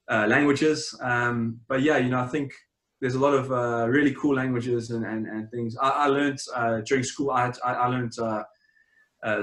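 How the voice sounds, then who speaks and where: A young man with a South African accent talks loosely in an interview, circling back with fillers and half-started sentences. His voice sits at a middle pitch and carries a noticeable roomy echo. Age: young adult. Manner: relaxed, rambling, many fillers and restarts. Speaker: interview guest, champion swimmer. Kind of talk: casual interview chat. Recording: roomy, echoey sound.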